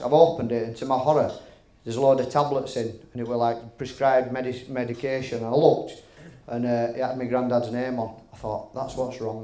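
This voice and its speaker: A cheeky man telling after-dinner stand-up stories at a dinner, swearing freely and checking in with "right?" as he goes. His voice sits in a middle pitch, and he is miked in a function room with plenty of echo. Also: a little mellow. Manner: chatty, cheeky, swearing, frequent "right?" asides. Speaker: comedian and MC.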